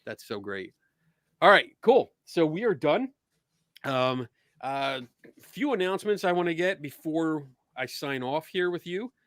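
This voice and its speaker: A middle-aged man with a Philadelphia accent hosting a casual chat, easygoing, laughing often and filling pauses with ums. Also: a little high, very animated, fairly bright tone, no echo, studio quality. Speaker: podcast host.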